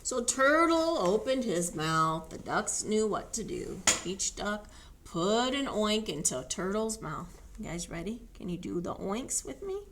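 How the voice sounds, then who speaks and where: A woman, a library storyteller, reading a picture book aloud to children in an animated way and inviting them to join in. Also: mid-range voice, measured pace, slight background noise. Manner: animated, sing-song, coaxing children to join in.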